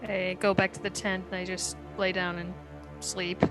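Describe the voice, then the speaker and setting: A woman's voice: lowish voice, little pitch movement, moderate pace, over music, poor audio. A woman player in a tabletop game, speaking casually with laughing asides. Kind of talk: tabletop role-play.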